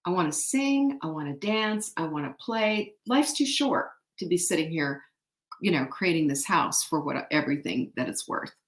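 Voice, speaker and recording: A woman's voice: sits low, animated, normal speed. A woman voicing two lazy, carefree little pigs in a storybook tale, recorded in an echoey room.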